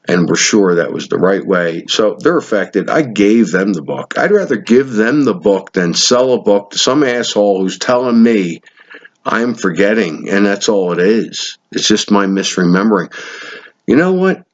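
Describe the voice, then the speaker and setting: Man, low voice, animated storyteller, dull lo-fi sound. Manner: animated, swears, acts out quotes. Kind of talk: casual storytelling monologue.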